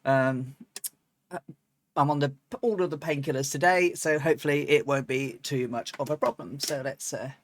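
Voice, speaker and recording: A woman's voice: a bass voice, fairly even intonation, normal speed. A woman streaming a flight simulator, chatting casually and rambling with lots of ums and restarts, now and then breaking into laughs. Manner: bursts into laughs and chants. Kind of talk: casual live-stream chat.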